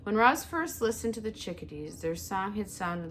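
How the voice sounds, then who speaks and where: Animated woman reading a storybook aloud. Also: lowish voice, unhurried, few pauses, a little hiss or hum. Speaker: audiobook reader. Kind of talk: storybook read-aloud narration.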